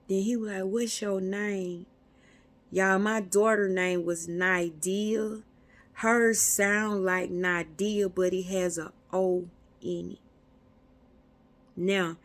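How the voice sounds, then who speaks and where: Earnest woman telling a spiritual story. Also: on the low side. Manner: earnest, repeats words for emphasis, talks straight to her viewers. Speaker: metaphysics vlogger. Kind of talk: casual spiritual storytelling to viewers.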